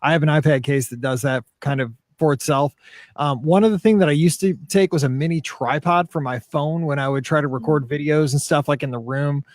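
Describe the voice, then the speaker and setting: A man's voice: on the high side, a little fast, no room sound, clean studio sound. A middle-aged man co-hosting a podcast, chatting casually in a rambling, self-deprecating way. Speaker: podcast co-host. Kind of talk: casual chat.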